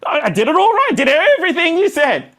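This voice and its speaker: A man playing a panicky beginner coach who whines and wails in a high voice during a live workshop. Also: big pitch swings, unhurried, a bit bright, exaggerated voice. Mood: defensive whining. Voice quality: high, whiny, wailing. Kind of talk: acted example in a live workshop.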